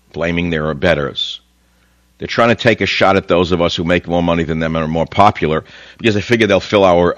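A man's voice: a bit bright, no echo. An older man hosting a talk radio show, delivering a combative, mocking monologue. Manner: combative, mocking, sweeping pitch jumps.

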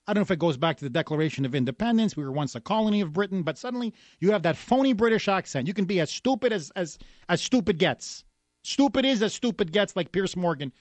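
A man hosting a combative political radio talk show. His voice sits high for a man and he sounds sarcastic and scornful throughout. The sound is close and dry, with no room around it. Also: no echo. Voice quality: sarcastic, scornful, mock gasps.

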